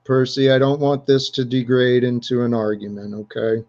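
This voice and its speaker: A man hosting a casual panel discussion, speaking in a searching, halting way. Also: mid-range voice, flat delivery, darkish tone, highs cut off. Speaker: host.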